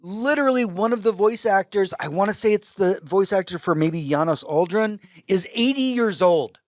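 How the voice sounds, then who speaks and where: A man co-hosting a podcast in casual chat, excitable and swearing, talking in bursts into a close mic. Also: high-pitched, moderate pace, no room sound. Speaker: podcast co-host.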